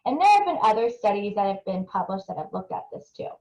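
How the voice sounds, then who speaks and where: A woman's voice: medium pitch, very animated, quick pace, darkish tone, echoey room, highs cut off. A young adult woman giving an earnest, explanatory research presentation, often restarting her phrases. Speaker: nutrition researcher presenting a webinar. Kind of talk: presentation talk with audience poll.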